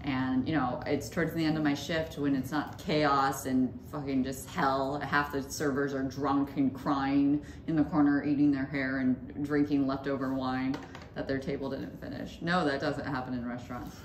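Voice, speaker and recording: Low-voiced woman chatting in an echoey room. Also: little pitch movement. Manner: chatty, swearing, storytelling with quick asides. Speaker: podcast co-host. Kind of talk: casual chat. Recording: echoey room with faint noise.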